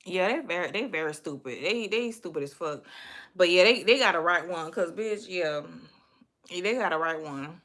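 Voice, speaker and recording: A young woman from Miami, Florida, with a Southern US Miami accent, hosts a livestream, bluntly ranting, cussing freely and trash-talking as she chats with viewers. Her lowish voice is a bit bright, with lively intonation at a moderate pace.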